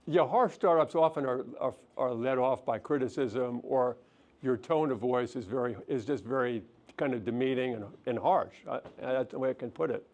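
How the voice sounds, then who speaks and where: A man with a gravelly voice talks through a lecture on relationships. He is gentle and self-deprecating and restarts sentences as he thinks aloud. It has the easy feel of a counselor speaking to a live audience. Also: mid-range voice, normal speed. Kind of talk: relaxed lecture with audience questions. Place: lecture hall.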